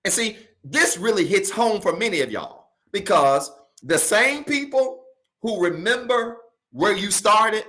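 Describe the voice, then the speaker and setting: Guy preaching, highish voice, big swings up and down, keeps repeating himself. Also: measured pace. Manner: animated preaching, swings from loud emphasis to soft asides; colloquial, repeats key phrases. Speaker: pastor. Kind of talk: sermon.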